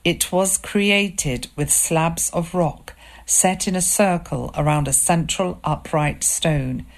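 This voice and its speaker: A woman narrating a first-person story in a calm, measured way. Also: lowish voice, vocal fry.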